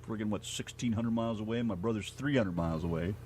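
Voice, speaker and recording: A man from Ohio co-hosting a casual radio show, folksy and blunt, quick to laugh. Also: fairly low pitch, a little mellow, a little hiss or hum. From Ohio, USA. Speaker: radio co-host.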